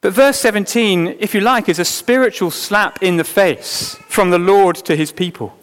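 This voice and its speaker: A male preacher delivers a sermon in a fairly high voice. He speaks earnestly and with emphasis, at times dropping suddenly to a hush. His words ring with the long reverb of a large hall. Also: moderate pace.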